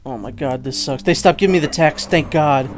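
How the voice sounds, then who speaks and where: A man's voice: fairly high pitch, brisk. A man hosting a let's play, giving sarcastic, exasperated commentary on a game. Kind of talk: gameplay commentary. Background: game music.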